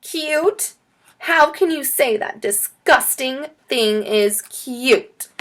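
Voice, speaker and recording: A woman's voice: high voice, drawn-out words, a bit bright, voice pushed up, exaggerated voice. A woman doing a whiny prissy schoolgirl. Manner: complaining, squealing.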